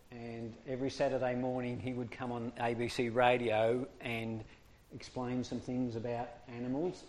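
A man's voice: mid-range voice, darkish tone. A man teaching a small group in a casual, demonstrative way, swinging his voice up and down to make his points. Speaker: speaker teaching discipline. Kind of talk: informal talk to a small group.

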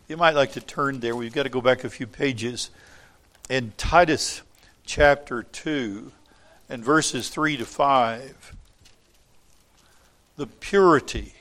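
A man's voice: medium pitch, slow pace, pauses often, a bit bright. A man preaching a sermon, reading scripture aloud and explaining it with wry asides to the congregation.

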